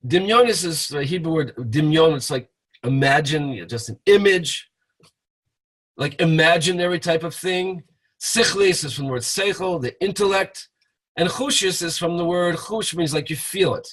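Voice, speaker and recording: Casting: husky, slightly high-voiced man, relaxed storytelling teacher on a webinar call. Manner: storytelling with acted chanting. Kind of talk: informal teaching talk. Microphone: webinar call mic.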